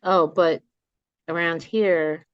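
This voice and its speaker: A woman's voice: on the low side, slow pace, clean tone, no room sound, dull audio. A woman from New Jersey with a North Jersey accent, chatting as a guest in a casual interview over a video call. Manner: chatty, animated storyteller. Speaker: guest, memoir author.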